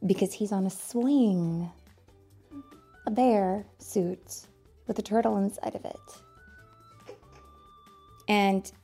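A woman reading a children's story aloud in a playful, animated way, asking her listeners questions. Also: mid-range voice, vocal fry.

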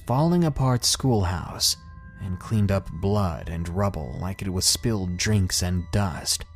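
Man, story narrator, low voice, very animated delivery, faint music behind. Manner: dramatic, expressive storytelling. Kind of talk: first-person story narration.

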